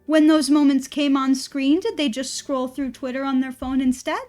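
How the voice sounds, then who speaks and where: A woman's voice: high voice, little pitch movement, moderate pace, a little mellow, soft background music. A woman streamer in casual stream chat, ranting and rambling with a lot of swearing.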